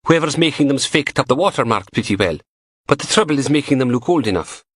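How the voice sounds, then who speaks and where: A male narrator voicing a punky young female forensic technician who teases in a dry, deadpan way. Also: medium pitch, fast, breathy edge, no echo, voice pushed up. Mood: teasing.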